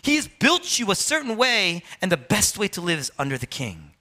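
A man's voice: high voice, huge pitch swings, normal speed, pushed and bright. A man in his thirties preaching a sermon, firing rhetorical questions and acting out complaints in other voices. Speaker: pastor.

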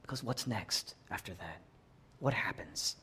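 Man, pastor preaching, lively swooping pitch, long hall reverb. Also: measured pace, slight background noise. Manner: swings from hushed low lines to loud high climaxes. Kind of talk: sermon.

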